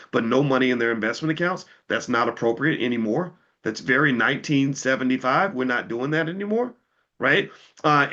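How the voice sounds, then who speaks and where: A middle-aged man delivers a livestreamed finance talk in a bright, forceful voice. He preaches and repeats his points, sometimes heated and profane. The sound is dull and lo-fi. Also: mid-range voice. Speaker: finance educator.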